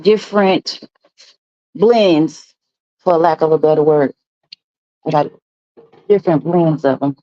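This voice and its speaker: A woman's voice: lowish voice, a little mellow, dry recording. A woman hosting a live stream, rambling casually with folksy asides. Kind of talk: casual morning chat. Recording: dry, slightly dull stream audio.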